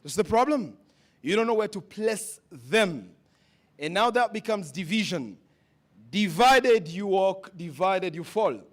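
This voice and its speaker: High-voiced man giving a rousing speech. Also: lively intonation, unhurried. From West Africa. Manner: preachy, repeats questions to the audience. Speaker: summit speaker. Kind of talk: motivational speech. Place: conference hall.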